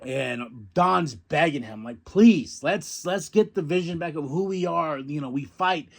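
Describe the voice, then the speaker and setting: A man hosting a podcast, recapping a wrestling show in a loose, chatty way. His voice sits a little high, and he gets excitable, acting out quotes and laughing as he goes. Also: measured pace, creaky. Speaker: podcast host.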